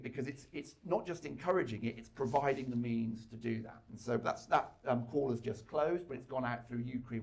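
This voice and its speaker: A man's voice: medium pitch, creaky. A man, an academic, giving a casual talk at a book launch, hesitant with many fillers and restarts.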